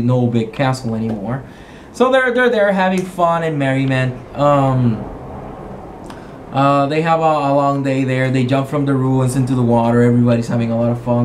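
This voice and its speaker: A man who is a game master, casually recapping a tabletop roleplaying session in a rambling, animated way with frequent restarts. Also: mid-range voice, slight background noise.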